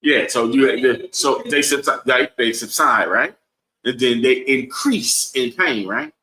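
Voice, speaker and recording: Preachy guy teaching bible class, bright sharp voice, echoey room. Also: medium pitch, slow. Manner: preachy, asks the room "right?" over and over.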